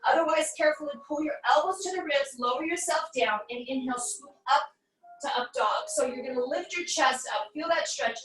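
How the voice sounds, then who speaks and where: A woman's voice: sits high, a little fast, a bit bright. A woman in her forties leading a guided yoga class, cueing each breath and pose with encouragement, a little out of breath. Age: 40s. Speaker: yoga instructor. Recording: echoey room, voice from a distance.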